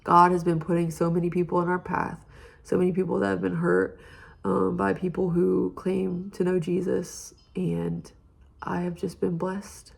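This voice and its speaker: A woman's voice: fairly low pitch, level tone, moderate pace, vocal fry, breathy edge. A young woman giving an earnest, heartfelt personal testimony about her campus ministry.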